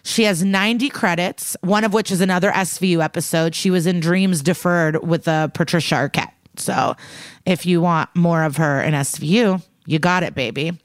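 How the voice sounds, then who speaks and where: A woman co-hosting a podcast, talking through a TV episode in a loose, rambling way with playful asides. Her voice sits fairly low, and the recording is close and dry with no room sound. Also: normal speed, dry recording. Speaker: podcast co-host. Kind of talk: casual chat recapping a TV episode.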